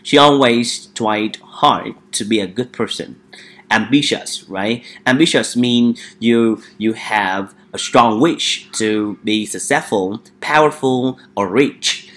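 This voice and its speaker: A man's voice: lowish voice, takes it slowly, a bit bright. A man teaching an English vocabulary lesson. He often hesitates and repeats each word for the listener to drill.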